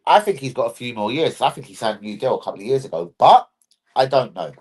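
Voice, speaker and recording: Bloke on a live stream, swearing and joking, rambling football banter. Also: male voice, mid-range voice, sing-song, fast talker, husky. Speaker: football fan channel host. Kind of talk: casual live-stream chat.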